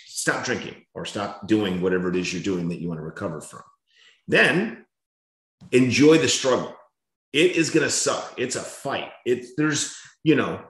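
A man's voice: on the low side, echoey room. A man hosting a casual interview, earnest and emphatic, repeating himself as he starts a thought. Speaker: podcast host.

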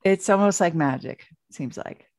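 A woman's voice: fairly low pitch, normal speed, darkish tone. A woman coach, a guest in an interview, telling stories in a chatty way full of fillers and restarts. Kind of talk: casual storytelling interview.

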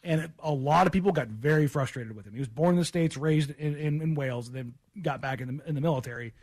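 A man's voice: on the high side, quick pace, a little mellow. A man co-hosting a sports talk radio show, speaking bluntly and emphatically and often repeating himself.

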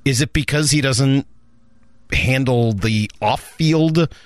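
A man's voice: medium pitch, slow pace, no echo, clean studio sound. A man co-hosting a sports radio show, asking probing questions and thinking aloud with restarts. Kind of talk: casual sports talk.

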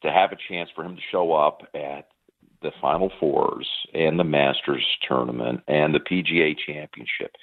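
A man guest on a sports interview, telling warm anecdotes with plenty of fillers and restarts. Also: on the low side. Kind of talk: phone interview, reminiscing. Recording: tinny phone line.

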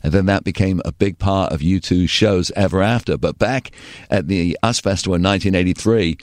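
An English man, a guest in a podcast interview, telling lively anecdotes and acting out the voices of the people he quotes. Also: low voice, a little fast, no room sound, clean studio sound. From England. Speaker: guest, radio and TV personality.

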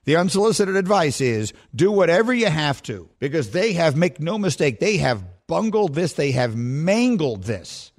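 A man's voice: on the high side, big pitch swings, normal speed, hardly any pauses. A man hosting sports radio, giving emphatic opinion commentary full of rhetorical questions.

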